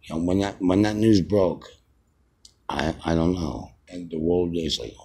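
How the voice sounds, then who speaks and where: A man in his fifties rambling as a self-styled radio host, halting with many fillers and restarts. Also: low-pitched, mellow, husky. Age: 50s. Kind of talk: rambling mock radio broadcast.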